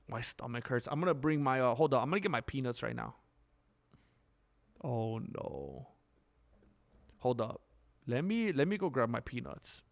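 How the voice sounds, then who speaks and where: A man's voice: medium pitch, animated, fairly quick, gravelly. A man hosting a casual livestream, rambling and reacting to the chat with lots of ums. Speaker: livestream host. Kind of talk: casual live-stream chat.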